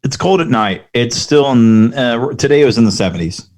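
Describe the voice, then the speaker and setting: A man's voice: medium pitch, expressive, moderate pace, darkish tone. A man with a Texan accent co-hosting a podcast, hamming up a thick twangy drawl like a showman. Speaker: podcast co-host. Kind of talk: exaggerated showman intro, then casual chat.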